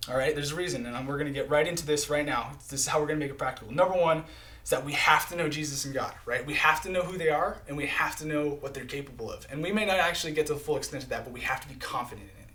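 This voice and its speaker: A man's voice: on the high side, rapid-fire, bright, forceful tone. A man preaching a live-streamed sermon in an earnest, conversational way, often checking in with "right?" and "okay?".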